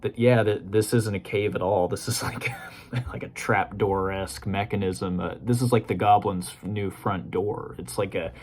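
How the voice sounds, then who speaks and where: Low-voiced man rambling about a book. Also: steady tone, moderate pace, a little mellow. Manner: rambling and loose, full of hedges like "you know" and "kind of". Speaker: book discussion host. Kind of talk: casual spoken book review.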